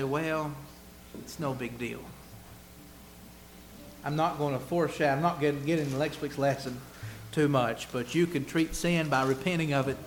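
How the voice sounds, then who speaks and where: Emphatic preacher man, slightly high voice. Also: a little hiss or hum. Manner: emphatic, rhetorical questions, swings between loud and hushed. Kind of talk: sermon.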